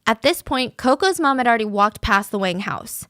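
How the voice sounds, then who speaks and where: A woman telling a true-crime story to her podcast audience in a chatty, expressive way. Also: a little high, normal speed, no room sound, studio quality. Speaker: storyteller host.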